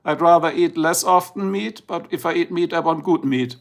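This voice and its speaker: Gravelly German-accented man, chatty. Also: a little high, normal speed. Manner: chatty, rambling, switches between English and German. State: just woken up. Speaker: livestream host. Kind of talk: casual livestream talk.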